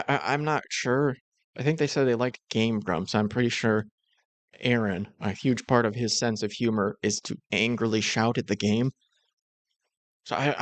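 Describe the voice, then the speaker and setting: A man's voice: medium pitch, no echo. A man giving dry, critical and sarcastic commentary over reaction clips. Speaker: commentary host.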